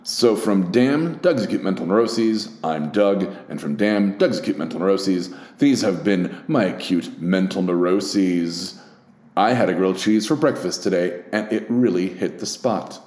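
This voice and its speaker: Rambling, swearing podcast host with a low voice. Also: male voice, measured pace, roomy sound. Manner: rambling, profane and animated, many fillers. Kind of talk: casual solo podcast monologue.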